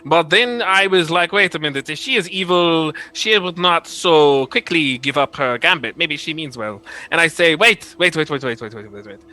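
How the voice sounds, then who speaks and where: A man voices a boastful young prince, freshly freed from a curse, telling his tale in a rambling, self-important way. The storytelling is heavily acted, pitched above his own voice, sitting high with a sing-song, bright, forceful tone at normal speed, on a low-quality recording.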